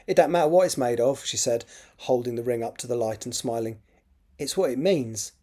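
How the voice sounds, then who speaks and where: A man doing a gentle East End girl. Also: medium pitch, fairly quick, lightly acted. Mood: reassuring. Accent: attempted East End London. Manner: gentle, reassuring. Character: young East End girl, seventeen, brave and tender.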